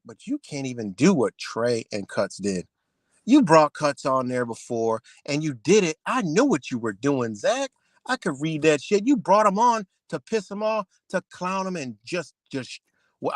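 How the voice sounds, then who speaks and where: A man with rants heatedly on a livestream, cursing and repeating himself as he confronts a rival. His voice sits a little high for a man, and the sound is dry and close. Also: fairly bright tone, dry recording. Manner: profane, confrontational, repetitive. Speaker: livestream host.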